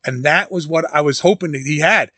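A man's voice: on the high side, brisk, sharp tone. A middle-aged man with a slightly raised voice talks about a horror film in a loose, chatty monologue. He circles back, restarts his sentences and wanders into side stories. The sound is dry and close, with no room echo. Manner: rambling storyteller, many restarts and asides. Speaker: host reviewing a horror film. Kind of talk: casual monologue.

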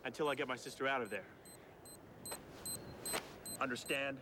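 An actor with a Scottish accent playing a blunt, tough male colonel who talks gruffly and plainly. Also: mid-range voice, moderate pace, noisy background, close to an everyday voice.

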